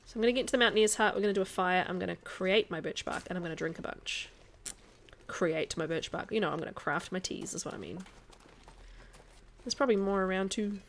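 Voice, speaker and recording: A woman's voice: lowish voice, quick pace, slight background noise. A woman streaming a video game, chatting casually with her viewers, answering their comments and laughing often. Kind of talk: casual live-stream chat while playing.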